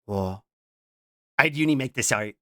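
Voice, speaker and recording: This young adult VTuber streamer keeps things casual during a live reaction stream, letting out playful shouts, stumbling and starting over mid-sentence, and dropping a questioning "what?" again and again between comments. Pitch sits in the middle with lively intonation and an ordinary pace. The sound is clean studio audio with no room echo.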